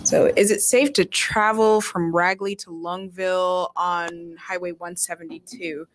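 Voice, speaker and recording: A woman's voice: lowish voice, level tone, unhurried. A woman from Nevada, weather office staff, carefully and somewhat hesitantly answering viewer questions on a live stream.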